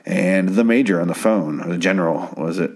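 A man's voice: low voice, a little fast, a little mellow. A man casually recapping a TV episode at home, rambling and stammering with plenty of swearing. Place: home at night.

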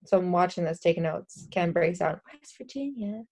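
A woman's voice: fairly low pitch, monotone, fairly quick, darkish tone. Woman from the US South, casual film chat, rambling, filler-heavy. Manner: chatty, rambling, many fillers.

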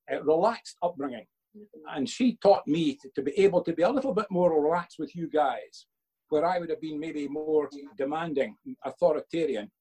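A man's voice: fairly high pitch, a little mellow, slightly rough, low-quality recording. An older man, a father being interviewed by his son for a church video, telling earnest stories and quoting himself with emphasis.

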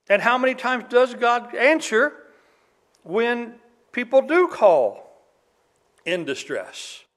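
A man preaching a sermon in a conversational way, with dry humor, reading scripture aloud. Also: high-pitched. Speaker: pastor.

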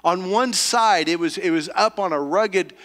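Halting pastor in a reverberant church. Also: male voice, sits high, fairly bright tone. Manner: halting, repeats words, earnest. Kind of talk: sermon. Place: church sanctuary. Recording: long reverb of a church hall.

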